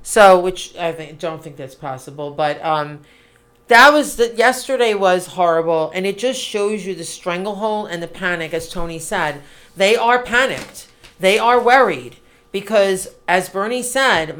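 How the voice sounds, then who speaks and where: A middle-aged woman co-hosting a podcast, talking in an animated, emphatic, casual way. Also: on the low side. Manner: animated, emphatic, quick asides. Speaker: podcast co-host. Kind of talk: casual political chat.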